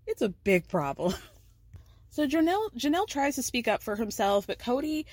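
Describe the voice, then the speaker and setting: A woman's voice: on the high side, very animated, normal speed, darkish tone, no room sound, clean studio sound. A woman hosting a podcast, recapping a TV show in casual chat, blunt, swearing freely and chuckling often. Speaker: podcast host.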